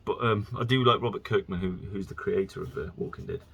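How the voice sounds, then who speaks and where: A man's voice: lowish voice, quick pace, creaky, fairly bright tone, highs cut off, slight background noise. A man hosting his own podcast, rambling casually from topic to topic and slipping into exasperated rants. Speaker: podcast host.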